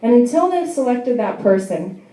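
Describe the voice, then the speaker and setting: A woman's voice: a little high, big pitch swings, moderate pace, warm tone, echoey room, low-quality recording. Wry, self-deprecating young woman comic. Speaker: stand-up comedian. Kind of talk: stand-up comedy set. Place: bar venue.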